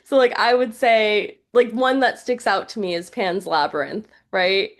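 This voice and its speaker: A woman's voice: medium pitch, fairly even intonation, a little slow. A young woman journalist talking in a casual, heartfelt podcast chat, full of "like" fillers. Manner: chatty, heartfelt, many fillers like "like". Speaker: journalist and news reporter guest.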